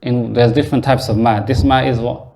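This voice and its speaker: A man's voice: mid-range voice, steady tone, brisk, gravelly, a little mellow. Man teaching a beginner language class. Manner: explains step by step, quizzes students. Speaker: Arabic teacher. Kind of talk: classroom lesson. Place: mosque classroom.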